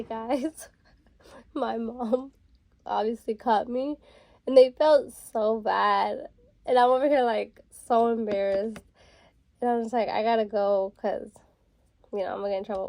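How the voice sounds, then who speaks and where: With a fairly high, mellow voice, a young adult woman vlogger rambles casually through a story while getting ready. Her chatty telling is packed with fillers, especially "like." There's no echo.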